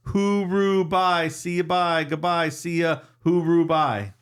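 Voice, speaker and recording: A man's voice: on the high side, slow pace, fairly bright tone, clear, resonant tone, pitched above the performer's own voice. A man voicing a foul-mouthed old male Outback brawler, rambling, boastful and swearing as he reads a transcript aloud. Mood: menacing singsong.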